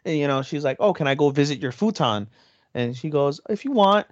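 A man chatting on a casual anime podcast, recapping scenes with loose, profane enthusiasm. His voice sits mid-pitch and sounds close and dry. The sound is a little muffled, like a basic home mic. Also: fairly quick, no room sound. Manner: energetic retelling, swears freely, slips into Japanese phrases. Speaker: podcast co-host.

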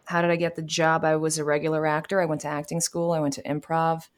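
A woman's voice: deep voice, level tone, quick pace. A woman in her thirties from New York City, a voice actor answering interview questions in a chatty way, laughing easily. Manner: warm, chatty, laughs easily, many fillers. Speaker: voice actor guest.

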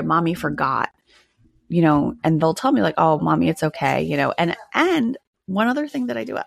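A woman's voice: deep voice, vocal fry, husky, dry recording, clean studio sound. A woman hosting her own podcast, talking candidly in a chatty way with frequent laughs and filler words. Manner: candid, chatty, laughs often, many ums. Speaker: podcast host. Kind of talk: casual solo podcast monologue.

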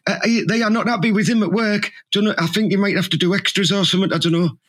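Man, high voice, husky, rambling comic storyteller. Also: steady tone, quick pace, fairly bright tone. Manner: rambling storyteller, full of "aye, man" and "you know what I mean". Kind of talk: improvised comic banter.

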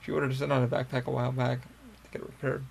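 Gravelly, flat-voiced man telling a rambling story. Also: mid-range voice, very fast, a little hiss or hum. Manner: rambling, profane, full of fillers and restarts. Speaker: podcast host. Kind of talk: casual storytelling monologue.

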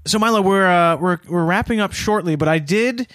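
A male podcast host puts questions to his guest casually, pausing and hedging with fillers. His voice sits a little high. The sound is dry and close. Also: fairly bright tone, dry recording. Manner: hesitant, filler-laden. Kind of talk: casual interview.

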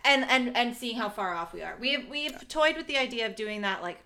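A woman co-hosting a podcast, chatting casually and cracking jokes. Her voice sits a little high. It has a bright, crisp edge. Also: expressive. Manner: playful and chatty, quick to joke. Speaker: podcast co-host. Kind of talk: casual chat. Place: basement.

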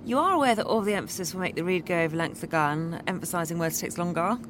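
A woman's voice: fairly low pitch, quick pace, background noise. A woman chatting casually in a recording studio, breezy and distracted. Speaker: studio colleague.

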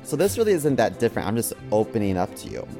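A man's voice: fairly low pitch, big pitch swings, fast, vocal fry, warm tone, faint music behind. A man co-hosting a comedy podcast, reading a silly story aloud in a playful way. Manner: playful, giggly. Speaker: podcast co-host.

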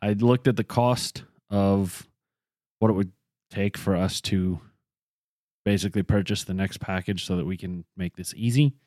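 Low-voiced man, chatty podcast host. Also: steady tone, moderate pace, darkish tone, no room sound, clean studio sound. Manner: chatty, rambling, self-deprecating. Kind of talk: casual podcast chat. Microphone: studio podcast microphone.

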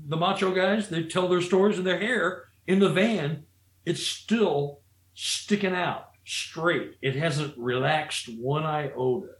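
A man tells a story in a rambling, casual way, often restarting his sentences. His voice sits a bit higher than most men's. The room gives it a noticeable echo. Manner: rambling, frequent restarts and "you know". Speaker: guest storyteller. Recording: roomy echo.

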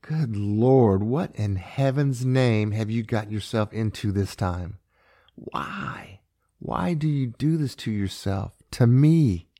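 A man's voice: on the low side, slow, warm tone. A man voicing a distraught middle-aged mother who scolds and pleads with her son. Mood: upset. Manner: pleading, exasperated.

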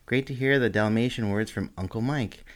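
A man's voice: on the low side, fairly quick. A man co-hosting a podcast, laid-back and often laughing as he reads listener messages. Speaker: podcast co-host. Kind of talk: casual podcast banter.

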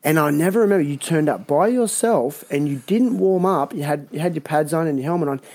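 A man with an Australian accent hosting a casual interview, telling a story in a relaxed, halting way. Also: fairly high pitch. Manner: relaxed storytelling, hesitant fillers. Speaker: host.

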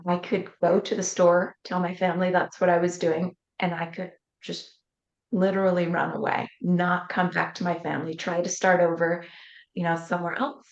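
A woman's voice: lowish voice, darkish tone. A woman, a coach and interview guest, telling a personal story earnestly and acting out the voices she quotes. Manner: earnest, vivid retelling that acts out quoted voices. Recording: roomy, slightly dull sound.

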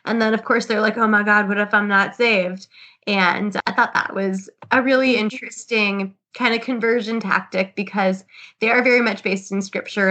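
A woman co-hosting a podcast tells stories in casual chat, laughing as she recounts them. Her voice is medium in pitch and a bit bright.

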